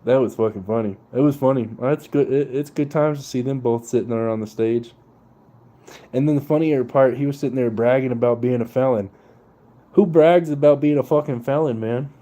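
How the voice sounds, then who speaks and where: A man's voice: medium pitch, fairly quick, dark tone. A young man ranting casually and profanely, with slang and laughter. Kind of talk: casual political rant.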